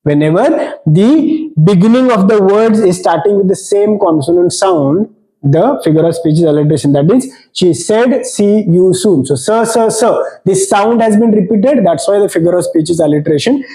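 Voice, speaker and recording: A man's voice: high voice, animated, moderate pace, dark tone, rough recording. A man teaching a poetry lesson for exam students, explaining step by step and repeating key phrases for emphasis. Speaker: English teacher.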